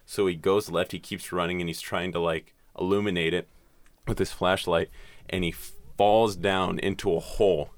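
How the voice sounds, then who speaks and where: A man's voice: low-pitched, steady tone, moderate pace, hardly any pauses, dry recording. A man in casual chat, recapping a film's plot in a rambling way with lots of swearing and filler words. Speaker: podcast host recapping a film.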